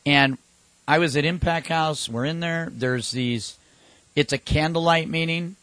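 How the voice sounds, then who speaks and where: A man's voice: a little high, unhurried, a bit bright, no echo, rough recording. A man co-hosting a casual talk show, telling rambling anecdotes and acting out quotes. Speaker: podcast co-host. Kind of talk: casual chat.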